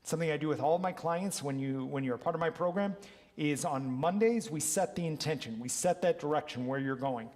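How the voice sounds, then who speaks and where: A man leading a wellness workshop and telling coaching stories in an earnest, animated way. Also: fairly high pitch, brisk. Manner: earnest, animated storyteller who acts out quotes. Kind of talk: motivational storytelling talk. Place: large hall, live talk. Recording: long reverb of a hall.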